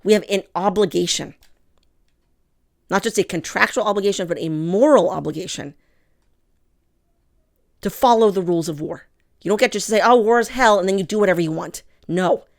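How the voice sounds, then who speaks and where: A woman's voice: lowish voice, normal speed, vocal fry, long pauses, darkish tone. A woman hosting a political commentary show, talking straight to her listeners with strong feeling and heavy emphasis. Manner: impassioned, emphatic, addresses listeners as "people". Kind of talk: commentary monologue to camera.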